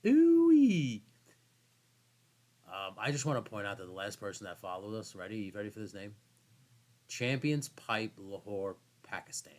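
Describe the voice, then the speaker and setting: A man's voice: lowish voice, fairly quick, fairly bright tone. A man co-hosting a casual podcast, joking around and slipping into silly voices. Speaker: podcast co-host. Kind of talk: casual chat.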